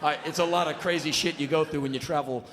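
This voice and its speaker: A man telling a comedic spoken word story on stage, punchy and animated. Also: fairly high pitch, fast talker, slight background noise. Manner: animated, punchy, bursts into shouts. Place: stage in a large hall. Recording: long hall reverb, live show.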